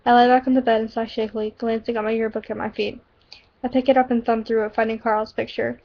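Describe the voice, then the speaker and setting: A woman's voice: a little high, little pitch movement, fast talker, creaky. A woman reading her own story aloud on a lo-fi recording, often giggling and stumbling over words. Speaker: amateur storyteller. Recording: dull lo-fi recording.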